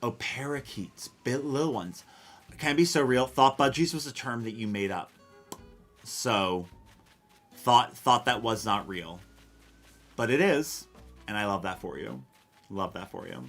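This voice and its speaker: A man's voice: medium pitch, lively intonation, unhurried, long pauses, a bit bright, faint music behind. A man live-streaming a cozy game, chatting casually and answering chat in a rambling, self-questioning, wry way with casual swearing. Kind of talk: casual gameplay chat, reading chat.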